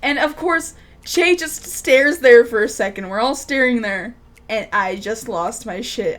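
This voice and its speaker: A woman's voice: a little high, expressive, a little slow, fairly bright tone, soft background music. A young adult woman vlogger telling a rambling, laugh-filled story in casual talk, swearing freely.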